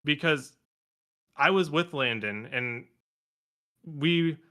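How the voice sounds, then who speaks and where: A man guesting on a podcast, telling a story in a lively, animated way and acting out what other people said. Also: a little high, takes it slowly. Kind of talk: casual storytelling chat.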